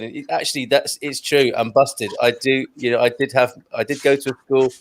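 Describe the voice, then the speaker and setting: A man's voice: medium pitch, steady tone, moderate pace, hardly any pauses. Jokey man hosting a chat show. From Britain. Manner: jokey, reads out viewer comments. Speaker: host. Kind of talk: casual online chat show.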